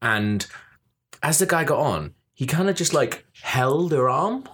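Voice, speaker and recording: A man's voice: fairly high pitch, a little slow, breathy edge. A young man, a podcast host telling a story in casual chat and acting out the quotes. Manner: animated, swearing, acts out quotes.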